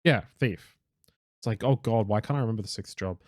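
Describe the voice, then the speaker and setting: A man's voice: on the low side, fairly quick, a little mellow, no room sound, studio quality. A young man casually commenting on his own game stream, rambling, correcting himself, swearing and laughing now and then. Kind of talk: casual live gameplay commentary.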